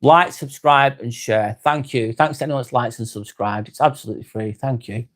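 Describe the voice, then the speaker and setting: A man with an East Lancashire accent hosts a live stream in a relaxed, unhurried way. His voice sits at an ordinary middle pitch. He reads out viewer comments and answers them with friendly, easygoing warmth. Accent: East Lancashire English. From North West England. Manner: calm, unhurried, winding down, calls people mate.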